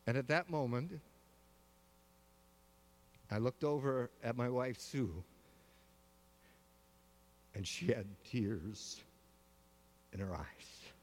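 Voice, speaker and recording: A male pastor preaching a sermon, telling the story in a measured way with slow, weighty pauses. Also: mid-range voice, in a large hall.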